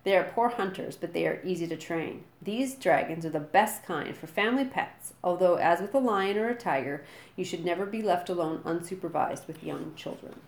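A woman reading a storybook aloud in a lively, expressive way. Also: on the low side, moderate pace. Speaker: narrator. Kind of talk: storybook narration. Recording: roomy echo.

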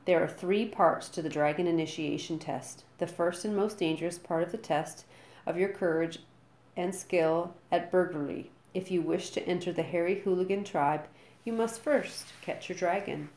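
A woman's voice: fairly low pitch, moderate pace, a little mellow, roomy sound, close to an everyday voice. A woman voicing a giant one-eyed Viking man who screams his orders at a group of boys. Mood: bellowing.

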